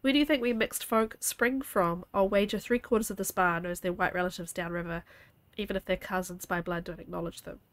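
A woman's voice: on the low side, steady tone, brisk, dry recording, natural voice. Woman reading as a gallant Creole man. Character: gallant charming Creole man in New Orleans.

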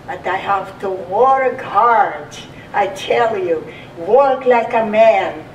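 Slow elderly Russian-accented woman. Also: mid-range voice, animated, far from the mic, lo-fi sound, slight background noise. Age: 80s. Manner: simple broken English, earnest storytelling. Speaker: survivor giving oral history. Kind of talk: personal testimony. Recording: echoey room, off-mic.

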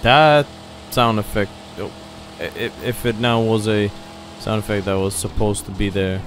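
A young man giving loud, joking, profane commentary while playing a video game. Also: lowish voice, fairly even intonation, normal speed, slight background noise. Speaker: gaming video creator. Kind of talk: let's-play commentary.

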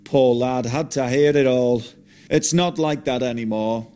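A man voicing a resurrected rock star, dry and wry, in a lower voice than his own. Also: unhurried, mellow, natural voice. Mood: wistful.

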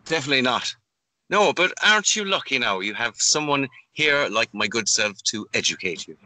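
A man's voice: medium pitch, normal speed, no echo. An Irish man trading absurd jokes in casual comedic banter as a podcast co-host. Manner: absurd deadpan improvising, mock authority.

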